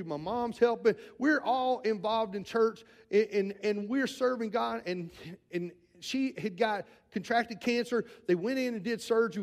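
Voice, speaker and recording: A high-voiced pastor preaches an earnest sermon, shifting between raised, urgent lines and hushed, quiet passages. When pressing a point, he often repeats words.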